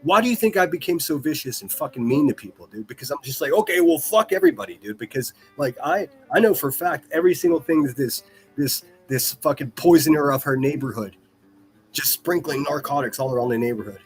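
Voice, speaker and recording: A man's voice: a little high, a little fast, faint music behind. A man hosting a livestream, ranting in a profane, mocking and rambling way, often repeating himself. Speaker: livestream commentary host.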